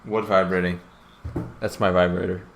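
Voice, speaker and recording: A man with a low voice co-hosting a casual podcast, blunt and jokey, dropping swears. Faint background hiss sits under his voice. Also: little pitch movement, moderate pace, vocal fry, a bit bright. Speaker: podcast co-host.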